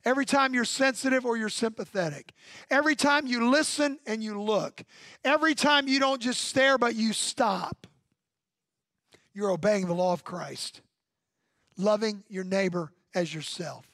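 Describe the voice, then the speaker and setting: Man preaching a sermon, very high voice, dry close sound, punchy repeated phrases, call-and-response. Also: normal speed, bright, forceful tone, no room sound. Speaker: pastor.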